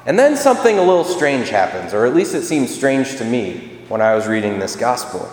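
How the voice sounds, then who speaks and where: Conversational priest in an echoey church. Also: male voice, mid-range voice, very animated, brisk, a little mellow. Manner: conversational, acts out voices in the story. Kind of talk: sermon. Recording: echoey church with long reverb.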